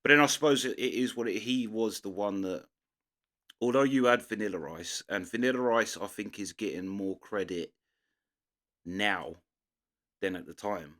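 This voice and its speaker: This reaction video host, a young man with a London accent, gives casual, meandering commentary riddled with fillers and false starts. His voice is low and fairly bright, and he keeps a moderate pace.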